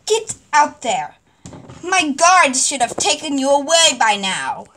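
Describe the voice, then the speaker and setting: A woman's voice: high-pitched, sing-song, sharp tone, a little hiss or hum, heavily acted. Woman playing a bossy haughty queen. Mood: imperious. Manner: imperious and slow, barking orders. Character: haughty demanding female queen in a pet show.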